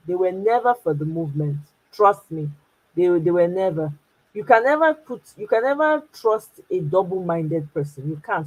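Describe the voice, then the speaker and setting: Husky Nigerian woman, emphatic. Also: fairly low pitch, darkish tone, poor audio. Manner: emphatic, switching between English and Pidgin. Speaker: host. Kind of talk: casual political commentary to viewers.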